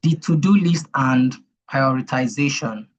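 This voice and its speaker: A coach teaching a live-streamed class, repeating key points slowly and answering viewers' comments. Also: mid-range voice, a little hiss or hum. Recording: dull lo-fi stream audio.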